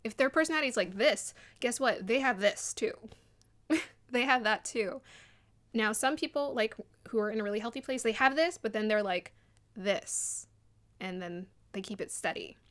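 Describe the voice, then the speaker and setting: Young woman, casual video commentary, animated and chatty, slightly high voice. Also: moderate pace. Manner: chatty and animated, mimics people in quotes. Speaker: commentator on a dating show.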